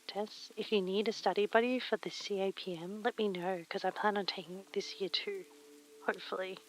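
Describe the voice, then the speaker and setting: A woman streamer chatting casually while she sews, reading chat aloud and muttering soft whispers to herself. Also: medium pitch, steady tone, fairly quick, low-quality recording. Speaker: live streamer.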